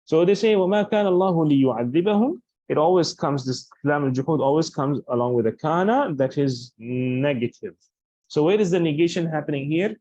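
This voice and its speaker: A man's voice: a little high, lively intonation, normal speed, a little mellow, dry recording, highs cut off. A man teaching Arabic grammar in a lecture, explaining patiently and restating each point with examples.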